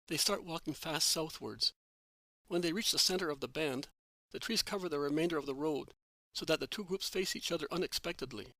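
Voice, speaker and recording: A man narrating an audiobook in a measured, earnest way. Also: on the high side, sharp tone, dry recording. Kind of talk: audiobook reading.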